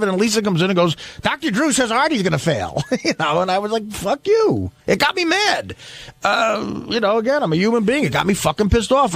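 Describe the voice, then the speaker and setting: A man in a heated radio studio chat, talking in an agitated, defensive way and swearing often. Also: high voice. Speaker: radio show regular.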